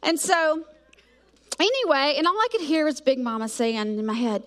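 A middle-aged woman from South Georgia, preaching a sermon full of animated personal stories. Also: high voice, normal speed. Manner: animated storytelling, acts out voices of herself and kids.

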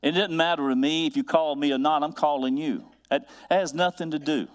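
A man preaching a sermon, building to emphatic repeated refrains and drawing out scripture quotes slowly. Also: on the high side, steady tone. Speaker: pastor.

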